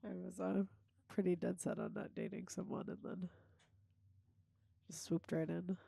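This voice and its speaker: A woman's voice: lowish voice, huge pitch swings, a little slow, vocal fry, warm tone, breathy edge, no room sound. A woman hosting a podcast, telling family stories in a casual chat and laughing often. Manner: laughs often, chatty storytelling. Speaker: podcast host.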